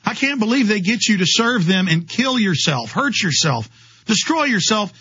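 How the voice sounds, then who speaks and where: A man's voice: sits high, big pitch swings, moderate pace, sharp tone, husky, no echo, highs cut off. A man hosting a talk radio show, delivering an impassioned, ranting monologue straight to his listeners.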